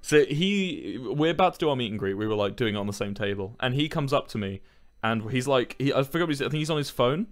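Rambling, sweary streamer. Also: male voice, mid-range voice, fast. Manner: rambling, sweary, animated storytelling. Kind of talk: casual stream chat.

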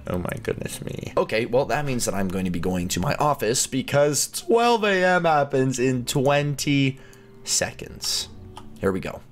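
A man hosting a gaming channel, chatting and reacting excitedly as he plays through a game. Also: mid-range voice, a little hiss or hum. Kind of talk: let's play commentary.

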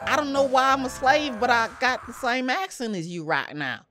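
A man's voice: extremely high pitch, lively intonation, normal speed, pushed and bright, soft background music, pitched above the performer's own voice, exaggerated voice. A man putting on a meek, groveling male servant who apologizes in a pleading voice.

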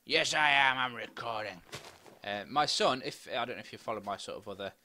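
With a mid-range voice and a slightly fast delivery, a middle-aged gaming commentator chats and rambles casually as he plays, sometimes squealing with excitement. The let's-play is recorded on a desk mic with a face cam, and a little background noise can be heard.

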